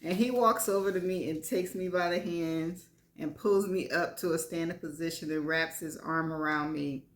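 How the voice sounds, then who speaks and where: A woman's voice: low voice, steady tone, normal speed, few pauses. A woman giving a live reading of frank first-person fiction, wry and laughing between lines. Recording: echoey room.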